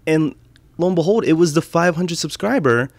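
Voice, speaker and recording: A man's voice: a little high, moderate pace, no room sound. A young man hosting his own casual podcast, teasing his guest with sarcastic banter. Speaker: podcast host.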